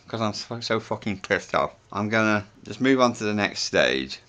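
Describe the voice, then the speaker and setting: A man's voice: sits low, lively intonation, normal speed, few pauses, bright, forceful tone. A British man talking through a home science experiment, chatty and thinking aloud as he reads off measurements, and swearing freely. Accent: British English.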